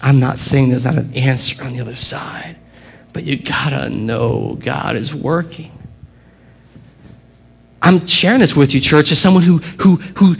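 A man preaching a sermon as a pastor, earnest and expressive, dropping quiet and rising with emphasis. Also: medium pitch, unhurried, gravelly, breathy edge.

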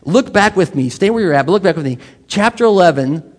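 A man's voice: high voice, animated, a little fast. A man preaching a sermon to his congregation in a conversational way, often putting questions straight to the people in the pews. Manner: conversational, quizzes the congregation directly. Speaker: pastor. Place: church sanctuary. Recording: long reverb of a large hall.

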